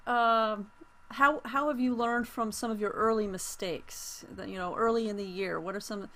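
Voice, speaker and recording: A woman's voice: a little high, steady tone, normal speed, fairly bright tone. A woman interviewing a teacher, affirming her answers and asking open questions in a casual tone.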